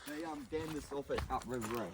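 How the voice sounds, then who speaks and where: A man's voice: mid-range voice, fast. A man making casual, offhand remarks to a friend on a bush walk, talking away from the camera. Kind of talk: casual chat on a hike.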